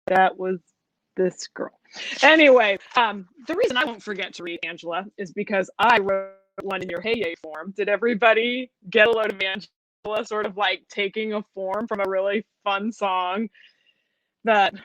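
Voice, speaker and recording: A woman's voice: mid-range voice, normal speed, a bit bright, rough recording. A woman co-hosting a poetry live stream over a video call, talking in a friendly, rambling way full of ums. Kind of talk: casual chat.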